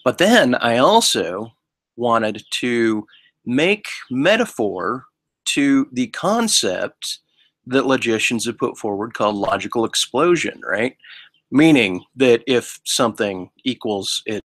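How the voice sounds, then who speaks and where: A man's voice: medium pitch, very animated, a bit bright, no echo. A man thinking aloud in a rambling philosophical monologue. He halts often, restarts his sentences and keeps asking "right?". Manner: halting and musing, many restarts; ends phrases with a questioning "right?". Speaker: solo vlogger.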